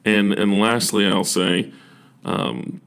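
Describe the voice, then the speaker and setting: A man's voice: on the low side, level tone, slow pace, gravelly, a bit bright, clean tone. A young man working as a university admissions officer, giving earnest, encouraging advice in a casual talk, with frequent fillers and restarts.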